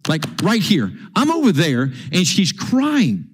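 A man preaching a sermon in a church, animated and repeating himself as he acts out quotes. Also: high voice, takes it slowly. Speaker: pastor. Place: church sanctuary.

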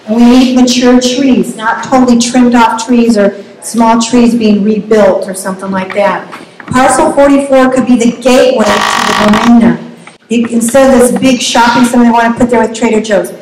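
A woman giving an impassioned, halting public comment at a community meeting, repeating words as she goes. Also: fairly high pitch, darkish tone. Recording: echoey room, faint ambient noise.

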